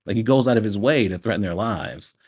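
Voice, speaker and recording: A man with a lowish voice gives a brisk, relaxed and unscripted movie review in a casual spoken style. He rants with plenty of profanity and often breaks into laughter.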